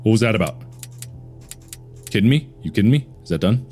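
A man with a lowish voice narrates his own horror game session, swinging widely in pitch as he jumps from mutters to yelps. He talks to himself and swears freely, with faint game music running underneath. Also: animated, a little fast, dark tone. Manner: jumpy, talks to himself, frequent swearing and frantic repeats. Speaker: gaming channel host. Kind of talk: horror game let's play commentary.

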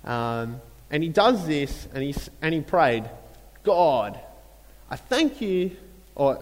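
A man preaching a sermon in a relaxed, conversational way, with many fillers and repeated phrases. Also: a little high, slow, pauses often, in a large hall, rough recording. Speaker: pastor.

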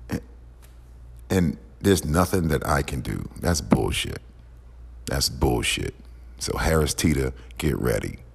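A man's voice: a bass voice, creaky, slightly rough. A man delivering a heated, profane, repetitive rant as a podcast host. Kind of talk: angry ranting monologue. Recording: long echoing reverb.

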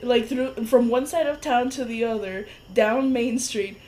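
A woman's voice: a little high, a little slow, rough recording. A woman co-hosting a casual podcast chat, switching between English and Spanish mid-sentence and telling stories with frequent laughter. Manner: animated storyteller, laughs often. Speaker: podcast co-host. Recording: faint background noise.

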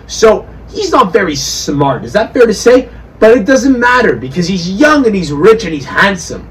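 Man, podcast host, drunk, rambling and profane, fairly high voice, distant mic, faint background noise. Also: very animated, normal speed. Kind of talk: casual chat.

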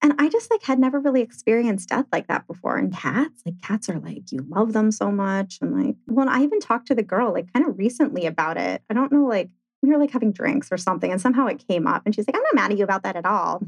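A woman's voice: medium pitch, animated, fast talker, no echo, lo-fi sound. A woman co-hosting a podcast in casual chat, filling her talk with "like" and laughing as she tells grim stories. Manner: chatty, laughs while telling grim stories, heavy "like" filler. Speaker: podcast co-host.

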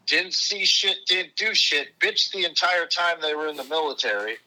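A middle-aged man from the United States rants with fury, swearing constantly and pressing for agreement. His voice is very bright and tense, sitting fairly high. He talks as a podcast guest. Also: lively intonation, moderate pace, poor audio. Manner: furious, heavy swearing, repeated "right?". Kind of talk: profane angry rant.

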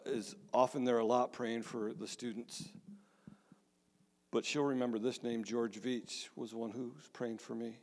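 A man's voice: medium pitch, darkish tone. A middle-aged man, a pastor, telling his own story in a sermon with a conversational, self-deprecating manner and frequent restarts. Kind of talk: sermon testimony. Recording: long hall reverb.

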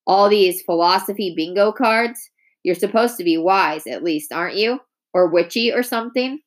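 A woman's voice: medium pitch, expressive, moderate pace, natural voice. A woman reading aloud voices a tearful, frustrated young boy who talks back defensively.

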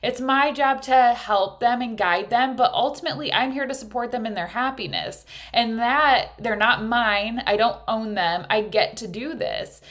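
A woman's voice: on the high side, normal speed, few pauses, fairly bright tone. A woman in her thirties with children, hosting a casual spiritual talk in a candid, earnest way and swearing now and then. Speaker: podcast host.

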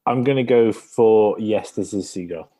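Man, low husky voice, dry teasing co-host. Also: normal speed, warm tone. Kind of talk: comedic casual chat.

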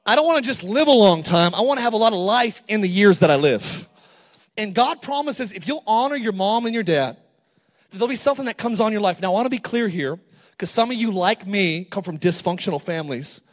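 A middle-aged male pastor preaching a sermon, telling stories with energy and building to loud, emphatic calls to the congregation. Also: sits high, lively intonation, a little fast.

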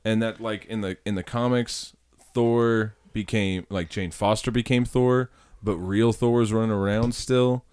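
Low-voiced man in casual podcast chat. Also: fairly even intonation, a little slow, hardly any pauses, a little mellow, clean tone. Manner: rambling, thinks aloud with restarts. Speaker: podcast co-host.

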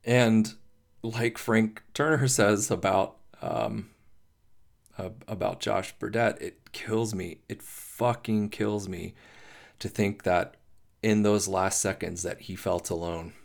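A man hosting a podcast, talking through grief in a halting, emotional monologue, swearing and restarting often. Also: fairly low pitch, vocal fry. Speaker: podcast host. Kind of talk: personal reflective monologue.

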